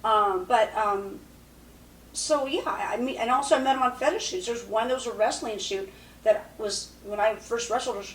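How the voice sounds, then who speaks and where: A woman's voice: fairly high pitch, moderate pace, echoey room, recorded from a distance, low-quality recording. Chatty woman recounting stories. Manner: chatty, acts out quotes. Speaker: podcast guest. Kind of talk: casual storytelling.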